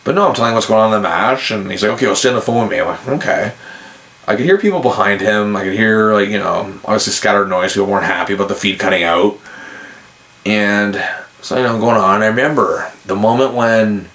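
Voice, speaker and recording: A man's voice: fairly low pitch, fast talker. A man hosting a podcast, telling a story in a casual way and acting out both sides of a phone call. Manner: animated, acts out both sides of phone calls. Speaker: podcast host.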